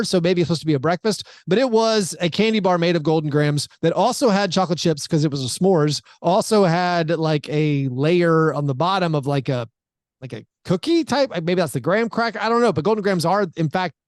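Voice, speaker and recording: A man's voice: sits high, no echo, clean studio sound. A man hosting a podcast in casual chat, rambling along with many fillers and restarts. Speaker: podcast host.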